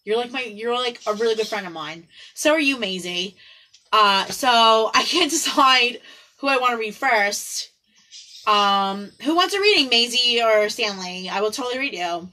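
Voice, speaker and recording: A woman with a fairly high, bright, forceful voice reads tarot cards live for online friends. She talks in an easygoing, giggly way and slips into hushed prayers to her spirit guides. It sounds like a casual home livestream picked up by her phone or computer mic. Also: animated, normal speed, rough recording. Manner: chatty and giggly, breaks off for her pets. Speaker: tarot card reader. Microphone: phone or computer on a live video stream.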